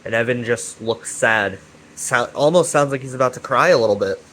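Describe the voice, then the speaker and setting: A man giving a casual, rambling recap of a web series. He is excitable and profane, repeats himself, and keeps checking in with "right?". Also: medium pitch, moderate pace, slight background noise. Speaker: YouTube commentator.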